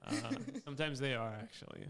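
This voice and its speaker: A man's voice: mid-range voice, fast talker, a bit bright, clear, resonant tone. A man with a Russian accent hosting a comedy podcast, chatting casually, laughing often and stumbling over restarts. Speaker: podcast host.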